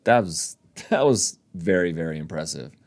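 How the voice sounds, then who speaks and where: A man's voice: low-pitched, lively intonation, moderate pace, vocal fry, darkish tone. A man co-hosting a casual running podcast, joking, teasing and laughing often. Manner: laughs often, jokes and teases. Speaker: podcast co-host. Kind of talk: casual chat.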